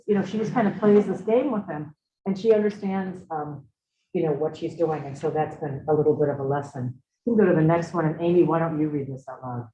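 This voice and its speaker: A woman's voice: sits low, a little fast, mellow, slight background noise. A middle-aged woman leading a seminar, talking reflectively and engaging her students with questions. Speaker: seminar leader. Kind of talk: conversational seminar talk. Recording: roomy, slightly dull room recording.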